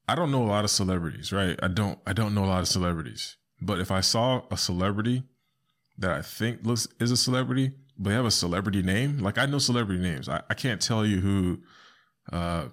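A man hosting a podcast alone, talking casually and animatedly, often jumping into high squeaky voices to quote people. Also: lively intonation, brisk. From South Florida. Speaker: podcast host. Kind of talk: casual solo podcast commentary.

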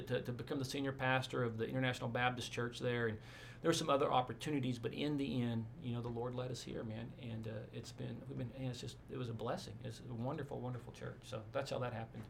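A man, a pastor, telling stories in a casual interview, rambling and animated with many asides. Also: mid-range voice, vocal fry, a little hiss or hum.

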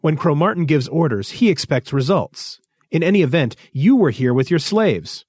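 A man's voice: on the high side, animated, moderate pace, a little mellow, husky, no echo, clean studio sound, voice pushed up. A man voicing an anxious, harried male agent in a read-aloud story, with an urgent, bitter manner.

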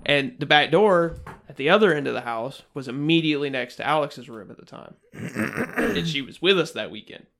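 A man with a gravelly, fairly high voice tells a blunt, profane story in casual podcast talk. He swears freely. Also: animated, normal speed, fairly bright tone. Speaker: podcast co-host.

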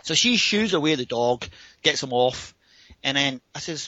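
A Scottish man in his fifties telling a funny story with lively delivery, chuckling as he goes. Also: medium pitch, moderate pace, no echo, dull audio. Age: 50s. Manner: animated, laughs through his story. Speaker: guest. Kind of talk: anecdote storytelling.

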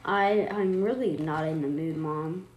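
A woman's voice: deep voice, a little slow, dull audio. A woman voicing an uneasy young girl who is reluctant and jumpy, reading with small stumbles. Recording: roomy echo, faint noise.

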